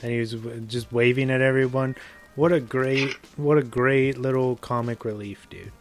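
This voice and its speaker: A man co-hosting a podcast who talks about a film in casual chat, often pausing to search for words with fillers like "how do you say.". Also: medium pitch, fairly even intonation, faint music behind. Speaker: podcast co-host.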